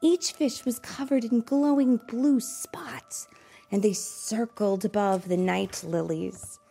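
A young adult mother reading a bedtime storybook aloud, animated, with playful asides. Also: a little high, slow, vocal fry, faint music behind.

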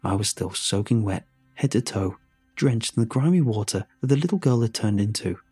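A man narrating a first-person horror story in a hushed, measured, shaken way. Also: on the low side, lively intonation, slightly rough, faint music behind.

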